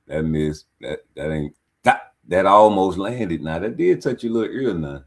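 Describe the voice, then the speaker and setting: Low-voiced guy doing a casual fight breakdown, blunt profane slang, talking at the screen. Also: slow. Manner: animated, talks back at the fighters on screen. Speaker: boxing commentator.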